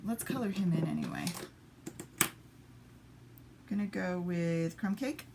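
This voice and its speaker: A woman's voice: fairly low pitch, a little slow, vocal fry, background noise. A woman demonstrating papercraft in a casual live stream, chatting to viewers and muttering little asides to herself as she works at a home craft table.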